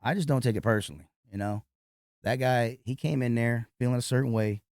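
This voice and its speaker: Fast-talking man telling bar stories. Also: medium pitch, no room sound, studio quality. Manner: profane, animated retelling of a fight. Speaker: nightclub bouncer. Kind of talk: storytelling in an interview.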